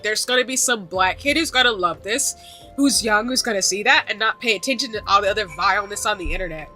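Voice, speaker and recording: A woman with a fairly high, bright, pushed voice speaks earnestly to her chat during a casual gaming stream. She uses lots of fillers and is tearful, her voice catching as she talks.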